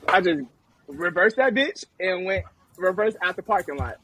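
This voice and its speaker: A man co-hosting a podcast, telling a story in a loud, animated, profane way during a casual group chat. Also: high voice, normal speed, background noise. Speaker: podcast co-host.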